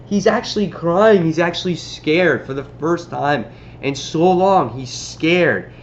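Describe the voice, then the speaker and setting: A man casually reviewing a comic book on his vlog, excitably retelling the story. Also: a little high, unhurried, muffled recording, a little hiss or hum.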